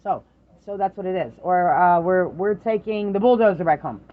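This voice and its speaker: A middle-aged parent in a casual chat with their adult daughter, telling lively stories, swearing freely and acting out the voices of the people in them. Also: mid-range voice, moderate pace, phone-quality sound. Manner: animated storyteller, swears freely, acts out quoted voices.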